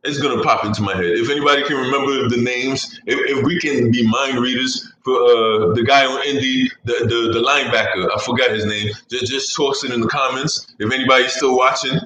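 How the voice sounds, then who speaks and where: A man's voice: medium pitch, steady tone, brisk, few pauses, bright, forceful tone, slight background noise. A man hosting a podcast in casual, rambling chat, swearing freely and laughing at his own jokes. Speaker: podcast host. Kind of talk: casual fantasy sports chat. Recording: echoey room, faint ambience.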